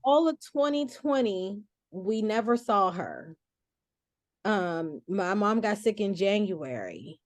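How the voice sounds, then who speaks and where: A woman in her forties speaking as a podcast guest, telling a family story in a casual, expressive way with frequent restarts and self-corrections. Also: medium pitch, slow, no echo.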